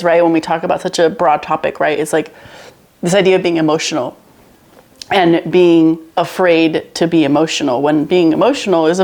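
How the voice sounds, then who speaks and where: A woman hosting a podcast in casual chat, upbeat and chatty, often restarting her words. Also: on the low side. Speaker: podcast host.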